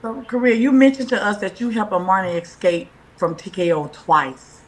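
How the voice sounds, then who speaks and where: A woman's voice: medium pitch, fairly even intonation, moderate pace, background noise. A woman interviewing a guest on a casual live stream, asking questions and reacting briefly.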